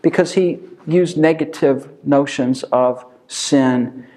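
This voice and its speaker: A man with a slightly raised pitch teaches a small Bible study group in an easy, conversational way. He poses rhetorical questions one after another and answers them himself, as a teacher talking with his class. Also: slow, a little mellow. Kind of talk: informal Bible study lesson.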